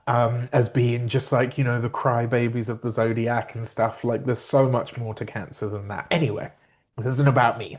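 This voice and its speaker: A man with a mid-pitched voice hosts a talk on astrology. He explains things in an earnest, rambling way, with fillers and quick corrections, and he drops into a slower pace when he wants a point to land. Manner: meandering and earnest, slows down to stress points, with fillers and self-corrections. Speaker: astrologer and tarot reader. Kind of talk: casual spoken explanation to camera.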